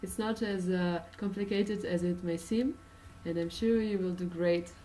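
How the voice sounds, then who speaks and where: Slow Russian-accented woman teaching English. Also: lowish voice, fairly even intonation, mellow, recorded from a distance, slight background noise, low-quality recording. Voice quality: frequent uh and um fillers, patient explaining. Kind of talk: pronunciation lesson.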